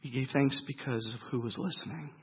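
A man preaching a sermon, asking his listeners questions and answering them, swinging between loud emphasis and hushed, low lines. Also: a little fast, dull audio, a little hiss or hum.

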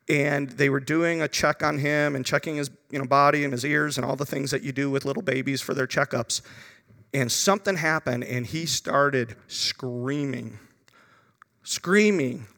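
A middle-aged man preaches a storytelling sermon, dropping to hushed, reverent tones and then rising with urgency. His voice sits a little high and has a gravelly edge. A long reverb trails behind him, as in a large church hall. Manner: storytelling, swings from quiet reverent lows to urgent raised passages. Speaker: pastor.

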